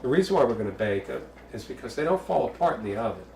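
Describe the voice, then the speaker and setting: A man's voice: medium pitch, big pitch swings, fast talker, gravelly, a little mellow, reverberant, distant mic, a little hiss or hum. A man from the Bronx, hosting a casual home cooking show, chatty and jokey with bawdy asides. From the Bronx, New York.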